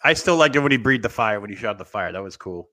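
Bright-voiced man hosting a rambling chat. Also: lowish voice, animated, fast. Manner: rambling, laughing, trails off with fillers. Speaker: podcast host. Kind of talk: casual wrestling chat.

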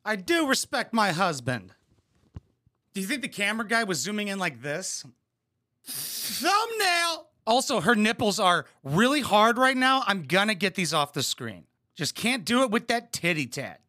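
A man riffs through a reaction video with crude, mocking sarcasm. His voice is bright and edgy, and his pitch swings widely as he jeers. He talks in a casual, profane vlog style. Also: very animated, moderate pace.

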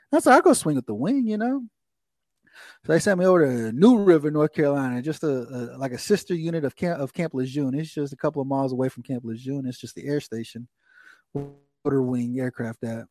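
A man's voice: medium pitch, fairly quick, a little mellow, no echo, studio quality. A man in his forties, a military veteran guest, telling rambling stories in casual chat and repeating himself. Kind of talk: casual storytelling.

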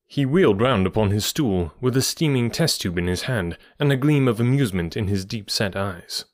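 A man narrating an audiobook in the first person with a steady, even storytelling delivery. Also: on the low side, normal speed, no echo, clean studio sound.

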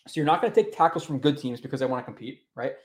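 A young man hosts a relaxed sports show in a mid-pitched voice. He talks loosely and swears freely, circling back and restarting his sentences as he reacts to chat. His voice sits right in the middle of the male range. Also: very fast. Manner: loose, profane, rambling with restarts. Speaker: podcast host. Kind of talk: casual sports podcast chat, reading chat comments.

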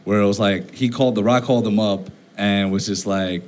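A man's voice: fairly low pitch, fairly even intonation, brisk. A man hosting a casual pop-culture chat, laid-back and loose, with lots of fillers and swearing.

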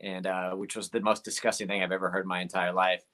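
A man's voice: low-pitched, flat delivery, quick pace, fairly bright tone. A young comedian telling stories from his shows in a casual interview, rambling with lots of "like" and fillers. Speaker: comedian guest.

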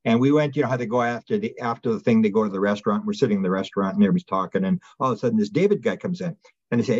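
A man being interviewed as a guest researcher, telling stories in a rambling, animated way with many restarts. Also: fairly low pitch, rapid-fire, slightly rough, highs cut off. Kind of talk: casual storytelling interview.

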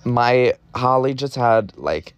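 A man's voice: mid-range voice, lively intonation, slow, clean tone, dry recording. A young man from Ohio hosting a candid solo podcast, talking in a blunt, profane, exasperated way with sardonic asides. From Ohio, USA. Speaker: podcast host.

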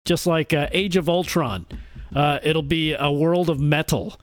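A man's voice: a little high, fairly even intonation, unhurried, no room sound. A man co-hosting a talk show, joking and reading news aloud with lots of fillers. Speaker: co-host. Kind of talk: casual talk show chat.

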